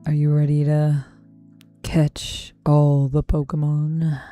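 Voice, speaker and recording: A suave, deep-voiced man croons his lines slowly and loudly, as a woman puts him on. The low, sultry tone sits well below an ordinary speaking voice, and every word is drawn out. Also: monotone, faint music behind.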